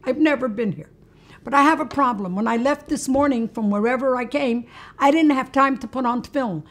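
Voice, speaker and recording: A woman voicing a venerable male prophet in a spoken story, asking gentle, earnest questions. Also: high-pitched, fairly quick.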